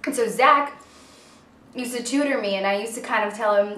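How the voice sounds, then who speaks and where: A woman's voice: on the high side, normal speed, a bit bright. A woman in her twenties giving a chatty, upbeat cooking demonstration in her kitchen, joking about herself as she goes. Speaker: home cook. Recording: roomy kitchen audio from a distance with faint guitar music.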